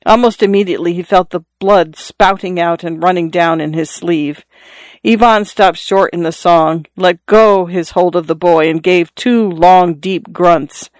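A narrator reads a literary story aloud at a measured, steady pace. The voice sits in a middle pitch. The recording is dry and close. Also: no room sound. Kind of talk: audiobook narration.

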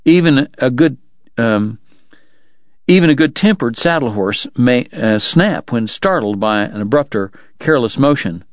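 A man reading a novel aloud in measured storytelling narration. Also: mid-range voice, expressive, dry recording, muffled recording. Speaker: audiobook narrator. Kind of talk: scripted narration.

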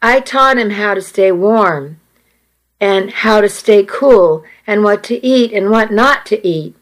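Woman voicing a worried dad, choked up, halting, slow and steady. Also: mid-range voice. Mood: anxious. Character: worried grown man, a father. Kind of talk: audiobook character reading.

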